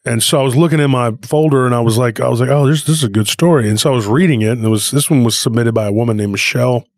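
A man retelling a listener's story on a podcast, animated and rambling, with frequent restarts. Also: medium pitch, very fast, no room sound, clean studio sound. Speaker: podcast co-host.

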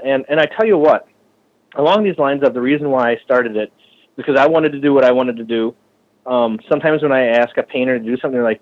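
A man from the Minneapolis area who runs a shop and builds bikes, talking casually and with lots of swearing, often acting out other people's lines in a higher voice. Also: brisk, highs cut off. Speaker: shop owner and bike builder. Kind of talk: casual podcast conversation.

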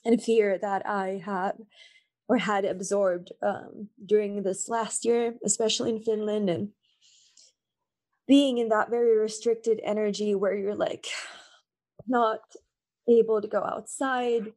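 A woman talks over a call in a loose, casual conversation. She speaks from the heart, rambling through many fillers and restarts as she gets emotional. Her voice sits in an ordinary middle pitch. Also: fairly even intonation, unhurried, a little mellow. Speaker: podcast guest.

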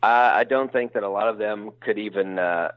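A man's voice: lowish voice, moderate pace, no echo, highs cut off. A man talking frankly in a casual interview, rambling and self-deprecating with many restarts. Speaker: voice actor guest.

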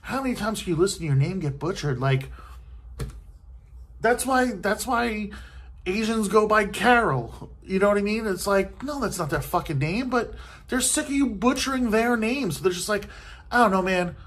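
With faint TV noise behind him, a vlogger in a hotel room launches into a loose, exasperated rant full of profanity and filler words. He has a high, fairly bright voice with lively intonation and a moderate pace.

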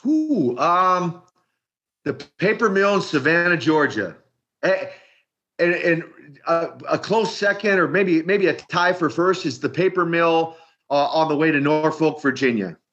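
An older man, a retired wrestler, telling lively stories in an interview and acting out the quotes. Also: a little high, a little slow. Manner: lively storyteller, acts out quotes. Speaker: retired pro wrestler guest. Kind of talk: animated storytelling interview. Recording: muffled lo-fi audio.

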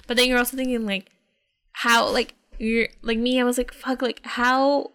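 A woman's voice: on the high side, flat delivery, moderate pace, fairly bright tone, clean tone. A young woman chatting casually, swearing freely and saying "like" a lot. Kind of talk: casual chat.

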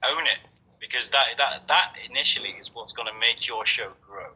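A man chatting on a podcast in a very bright, tense voice with a husky edge. He talks earnestly, swears freely and restarts his sentences often. The sound is dull and lo-fi. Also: mid-range voice, moderate pace. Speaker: podcast host. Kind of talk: casual chat.

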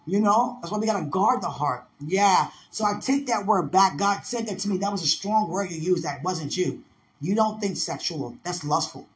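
High-voiced D.C. man telling stories. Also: moderate pace, slight background noise. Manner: animated, laughs often, drops into other voices. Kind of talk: casual storytelling chat.

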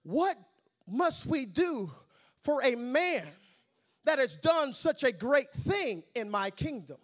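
A man doing a hushed, troubled king. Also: very high-pitched, sing-song, slow, voice pushed up, exaggerated voice. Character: troubled old-time male king, commanding.

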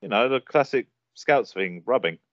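Giggly man with lively voice. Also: medium pitch, normal speed, highs cut off. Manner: giggly, teasing. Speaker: podcast co-host. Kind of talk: casual banter.

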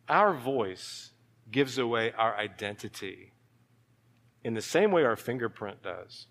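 A male pastor preaching a sermon, animated, with sudden drops to a hushed voice. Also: on the high side, measured pace. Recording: long hall reverb.

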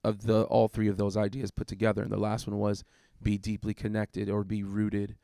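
Low gravelly-voiced man explaining his sermon. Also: completely flat delivery, moderate pace, warm tone, no room sound, clean studio sound. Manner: thoughtful, with frequent fillers and restarts. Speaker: guest preacher. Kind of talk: casual conversation about a sermon.

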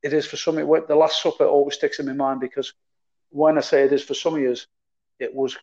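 A man's voice: a little high, flat delivery, fairly quick, a little mellow. A man, a former footballer, telling anecdotes in a casual, chatty way, often repeating words and trailing off. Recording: slightly dull lo-fi audio.

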